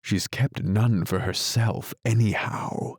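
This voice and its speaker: A man's voice: on the low side, fairly even intonation, takes it slowly, no room sound, studio quality. A man voicing a weary, sleepy male lion in an audiobook, speaking in a drawling, yawning way. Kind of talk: audiobook character reading.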